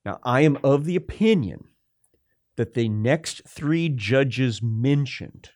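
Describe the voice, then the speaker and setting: A man preaching a verse-by-verse Bible sermon, explaining slowly and deliberately with frequent pauses and fillers. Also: medium pitch, lively intonation, darkish tone, no room sound, clean studio sound.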